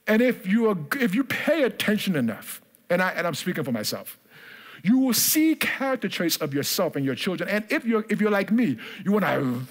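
A man preaches in church with a high voice that leaps up and down in pitch. He drives his points home through repetition and calls on the congregation to answer him. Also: sing-song, brisk. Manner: emphatic preaching with repetition, asks congregation for responses. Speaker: pastor. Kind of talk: sermon.

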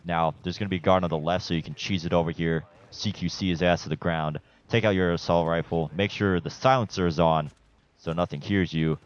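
A young man with an extremely deep, low voice talks through a video game walkthrough in a relaxed, rambling way, dropping casual swears as he goes. The recording is dull and lo-fi, like a cheap voice-over mic. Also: fairly quick. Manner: laid-back and chatty, swears casually, rambles with fillers. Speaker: gameplay guide narrator. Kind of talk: casual gameplay walkthrough commentary.

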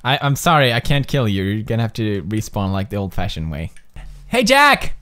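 A young man joking and laughing through a casual game session with a friend, often bursting into shouts. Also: lowish voice, expressive, a little fast, no echo. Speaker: gamer. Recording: game music behind the voice.

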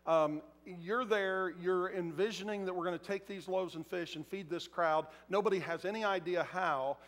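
In an echoey hall, a pastor with a fairly high male voice moves at a moderate pace through a relaxed sermon that sounds like conversation, occasionally slipping into acted-out quotes. Each phrase rings on in the big auditorium's long reverb.

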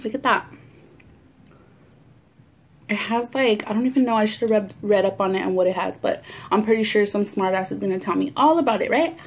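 A young woman with a Los Angeles Chicano English accent tells stories animatedly between bites, swearing freely. Her voice sits at a middling pitch for a woman. She talks casually into a camera set on the table at home. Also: brisk, long pauses. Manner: profane, animated storyteller. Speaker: mukbang vlogger. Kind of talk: casual storytelling while eating. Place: home, near a window at sunset.

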